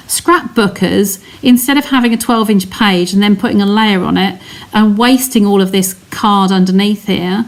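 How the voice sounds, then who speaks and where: A woman's voice: medium pitch, moderate pace, hardly any pauses. An English woman giving a live card-making demonstration, chatting casually and narrating each step while answering viewers' comments. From England. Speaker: craft demonstrator.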